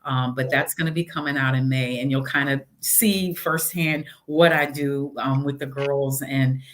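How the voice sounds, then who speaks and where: A middle-aged woman, a mayor, chatting casually in an interview and telling stories with lively acted-out quotes. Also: extremely low pitch, measured pace. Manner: animated storytelling, acts out quotes.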